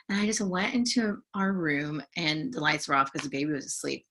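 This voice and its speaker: Bright-voiced woman, halting and emotional. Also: on the low side. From San Francisco Bay Area. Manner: halting and emotional, frequent restarts. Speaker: podcast guest. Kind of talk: candid conversational sharing.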